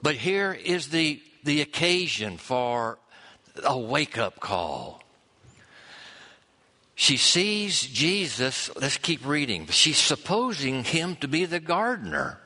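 A man preaching a sermon, reading scripture aloud and acting out the quoted lines with chuckles and pauses. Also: a little high, sing-song, pushed and bright. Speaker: pastor.

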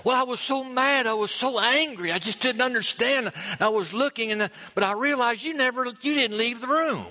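A man voicing a young paralyzed athlete who tells his story breathlessly in a high, excited voice. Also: exaggerated voice. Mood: awed, excited. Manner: rushed, breathless, high-pitched telling. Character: paralyzed young male athlete, beaming with awe.

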